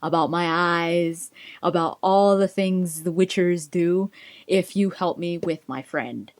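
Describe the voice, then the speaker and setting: A woman's voice: on the low side, slow, no echo. Woman doing a dry, sarcastic monster hunter. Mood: bargaining.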